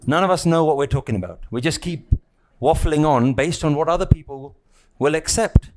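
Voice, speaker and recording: A man's voice: on the high side, moderate pace, background noise. Chatty man teaching a live audience. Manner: conversational, teasing, keeps checking in with "yeah?" and "right?". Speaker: spiritual teacher.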